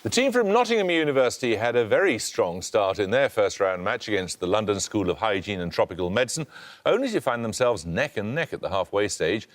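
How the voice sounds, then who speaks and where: Male quizmaster, formal and brisk, very lively intonation, authoritative. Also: lowish voice, a faint crowd, a little hiss or hum. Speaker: quiz show host. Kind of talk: formal quiz hosting.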